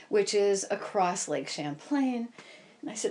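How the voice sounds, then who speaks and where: A woman recounting a personal misadventure to an audience, self-deprecating and animated. Her delivery is slow and leisurely, with a widely swinging, expressive pitch. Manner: animated, self-deprecating, laughing through the telling. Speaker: storyteller. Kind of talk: first-person live storytelling.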